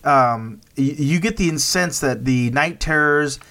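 Recapping a horror movie on his podcast, a host speaks slowly in a sharp, higher voice. The review chat is casual, full of restarts and frequent "right?" checks.

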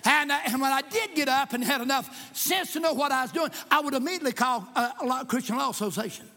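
A man preaching a sermon. He is impassioned, jokes at times and rises to shouts in a church. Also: extremely high pitch, quick pace. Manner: impassioned, shouting at peaks, joking asides. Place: church sanctuary with congregation. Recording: echoey church hall.

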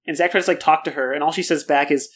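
Fast-talking podcast host retelling a story. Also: male voice, a little high, husky. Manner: animated storytelling, acts out characters' lines. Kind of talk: casual chat, retelling a book plot.

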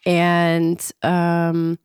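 A woman sits in as a guest on a radio talk show, her voice low and hoarse from being sick. She talks openly and steadily, with fillers here and there. The studio sound is close and dry. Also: completely flat delivery, very slow, darkish tone, dry recording. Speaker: guest, business owner. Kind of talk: casual radio interview.

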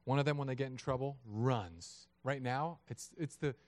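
A man in his thirties preaching a sermon, lively and acting out voices of God and people in his story. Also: medium pitch, normal speed, no room sound. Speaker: pastor.

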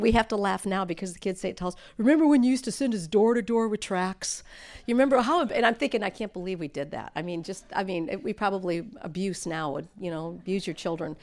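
Woman preaching with earnest stories. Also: medium pitch. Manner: earnest storytelling, rising to emphatic exhortation. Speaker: speaker at a church. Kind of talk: sermon with personal stories.

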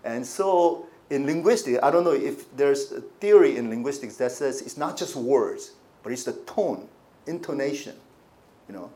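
A man preaching a sermon in a conversational way, asking the listeners rhetorical questions and swinging between quiet asides and emphatic points. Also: mid-range voice, animated, normal speed. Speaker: pastor.

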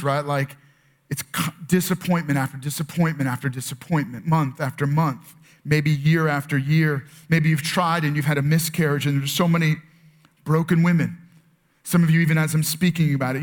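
A man preaching a sermon as pastor, earnest and conversational, with frequent fillers and restarts. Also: a little high. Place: church with multiple campuses and online stream.

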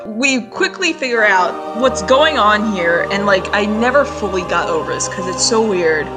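A woman's voice: medium pitch, lively intonation, normal speed, few pauses, over music. A woman co-hosting a casual recap podcast, chatty and full of fillers, laughing often. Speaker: podcast co-host. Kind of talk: casual anime recap chat.

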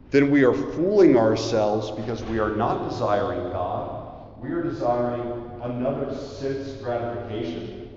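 A man, a priest, preaching an animated sermon and drawing the audience to repeat after him. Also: mid-range voice, a little hiss or hum. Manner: animated, audience call-and-response. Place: large hall. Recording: echoey hall from far off, dull sound.

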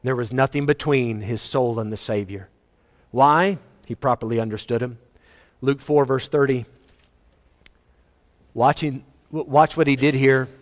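A male pastor preaching a sermon emphatically, his voice rising and falling in pitch and loudness. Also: a little slow, pauses often, in a large hall. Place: church.

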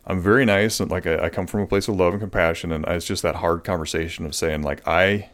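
A man's voice: low voice, fairly even intonation, fast talker, a bit bright. A man hosting a solo podcast, answering listener questions in an earnest, rambling way with many fillers and restarts. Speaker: podcast host.

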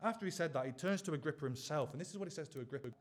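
A man's voice: fairly high pitch, rapid-fire. A man preaching a sermon, pressing his listeners with earnest, repeated rhetorical questions.

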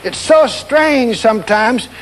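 A man's voice: extremely high pitch, slow, big-room sound, slight background noise, poor audio. A man preaching a sermon, telling a story with animation and leading the congregation in call-and-response. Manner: animated, leads call-and-response, acts out quotes.

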